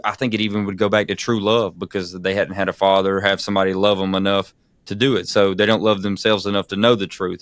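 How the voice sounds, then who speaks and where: Deep, flat-voiced male host. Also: clean tone, no echo, clean studio sound. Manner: emphatic, earnest, keeps checking for agreement. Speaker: podcast host. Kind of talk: casual interview talk.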